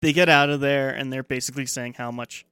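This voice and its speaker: A young man co-hosting a podcast, animated and laughing often as he recaps a TV show with plenty of swearing. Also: medium pitch, a little fast, smooth, no echo. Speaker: podcast co-host. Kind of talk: casual chat recapping a TV show.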